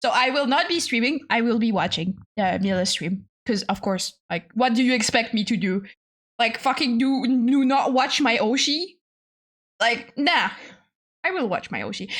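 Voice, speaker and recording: Young woman, casual stream chat, giggly, rambling, slightly high voice. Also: moderate pace. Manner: rambling, giggly, animated exclamations.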